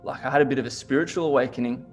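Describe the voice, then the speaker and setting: A man's voice: medium pitch, very fast. A young man talking in an easy, casual chat. He tells his stories animatedly, leans on "like" constantly and swears freely. Faint music sits under his voice. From Australia. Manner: swears a lot, heavy use of "like", animated storytelling.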